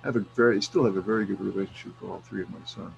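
Middle-aged man, raspy, swears freely, animated casual storyteller. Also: low-pitched, rapid-fire, dull audio, soft background music. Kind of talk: casual chat.

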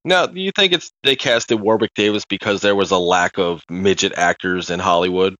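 A man co-hosting a podcast, telling stories in an animated way, laughing often and swearing casually. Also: low-pitched, normal speed, dry recording, muffled recording. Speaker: podcast co-host. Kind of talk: casual chat.

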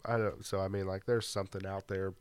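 Young male podcast co-host, late twenties, low smooth voice, dry close studio sound, crude casual banter. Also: little pitch movement, brisk, a little mellow, no room sound. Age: 20s. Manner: laid-back, swears freely, laughs a lot. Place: small studio.

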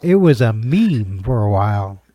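A man's voice: fairly low pitch, very animated, a little slow, mellow. A man co-hosting a casual podcast, telling rambling, crude stories and laughing through them. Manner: former bar-band musician. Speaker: podcast co-host. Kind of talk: casual chat.

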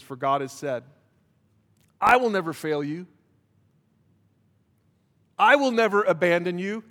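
A male pastor preaching a sermon while emotional, swinging between loud emphatic passages and hushed prayer. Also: fairly high pitch. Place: church. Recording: long church hall reverb.

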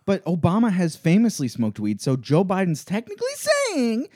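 Lively, teasing young man. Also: high-pitched, moderate pace. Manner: teasing, rambling, laughs at own bits. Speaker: podcast co-host. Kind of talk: casual podcast banter.

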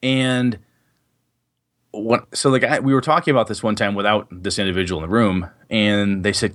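A man's voice: lowish voice, fairly even intonation, brisk, a bit bright, dry recording, studio quality. A man co-hosting a casual podcast about tabletop games, telling rambling, profane stories about his days as a game master. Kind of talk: casual chat.

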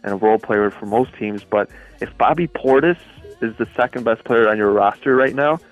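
A man's voice: fairly low pitch, normal speed, phone-quality sound, faint music behind. A man appearing as a guest sports writer on a podcast, giving confident, emphatic opinions. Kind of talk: casual sports chat.

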